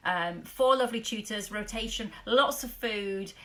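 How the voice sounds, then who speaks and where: A woman hosting a casual live sewing chat from her garden, chatty and upbeat, with sudden high exclamations. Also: unhurried, fairly bright tone. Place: outdoors in a garden.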